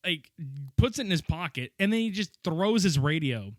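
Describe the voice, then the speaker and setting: A man's voice: high-pitched, normal speed, no room sound, clean studio sound. A man co-hosting a podcast, riffing casually on an old training video, swearing freely and laughing often. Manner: profane, animated, laughs a lot. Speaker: podcast co-host. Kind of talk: casual movie-riffing chat.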